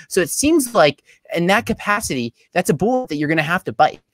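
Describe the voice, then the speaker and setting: A young man giving a debate closing statement over a video call, talking rapidly with many fillers and restarts. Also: high-pitched, animated, fairly bright tone, dry recording. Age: young adult.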